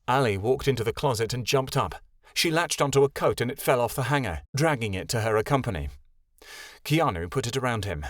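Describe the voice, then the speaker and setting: A man reading a fantasy audiobook as the narrator, in an expressive storytelling manner. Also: mid-range voice, fairly quick, dry recording, studio quality. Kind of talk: scripted narration.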